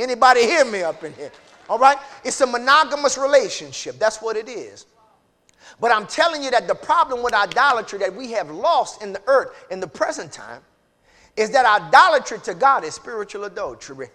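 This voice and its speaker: A male preacher, his voice high and bright. He moves from quiet, low asides to shouted peaks. Along the way he acts out scripture dialogue in different voices. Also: sing-song, moderate pace. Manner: acts out dialogue between God and Hosea in character. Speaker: pastor. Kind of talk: sermon.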